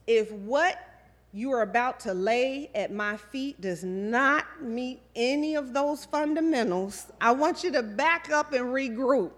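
A woman's voice: a little high, fairly bright tone. A woman giving a sermon, preaching conversationally with storytelling and quoted asides. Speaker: guest speaker.

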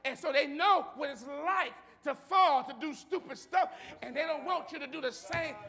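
A man from Akron, Ohio preaching a sermon, emphatic and joking, breaking into loud outbursts. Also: very high voice, moderate pace. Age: adult.

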